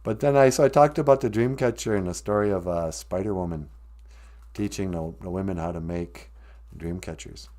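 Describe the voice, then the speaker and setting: A man hosting a comedic podcast, talking in a dry, deadpan way and explaining words of the day. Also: deep voice, normal speed. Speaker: podcast host and language teacher.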